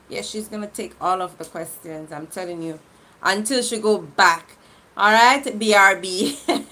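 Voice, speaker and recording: A woman hosting a livestream game, reading out viewer comments in an affectionate, lively way and laughing often. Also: medium pitch. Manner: lively and affectionate, laughs often, shifts quickly between loud and soft.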